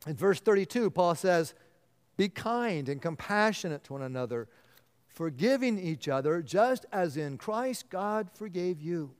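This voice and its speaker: A male pastor delivering an earnest sermon, often dropping to a hushed voice to stress a point. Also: high voice, animated, unhurried, clear, resonant tone. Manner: earnest, drops to a hushed voice for emphasis. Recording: long reverb of a large hall.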